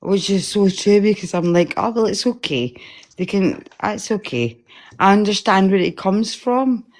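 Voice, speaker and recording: A woman talking in a casual, rambling way about a spiritual encounter, emotional and quick to laugh. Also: mid-range voice, animated, darkish tone. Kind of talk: casual chat.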